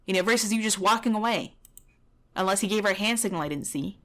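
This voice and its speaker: A woman's voice: mid-range voice, quick pace, fairly bright tone, a little hiss or hum. A woman dog trainer giving blunt, heated reaction commentary over a video, swearing at times.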